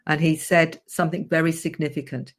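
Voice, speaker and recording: A woman therapist with a low-pitched voice and a steady tone talks fairly quickly as a radio show guest. In interview-storytelling fashion, she earnestly lays out a client's story in vivid detail.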